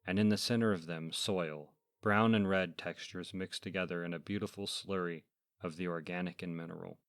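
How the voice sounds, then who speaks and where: A man narrating a first-person horror fable in a measured, deadpan, scripted way as host of a story podcast. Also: low-pitched, no echo, studio quality.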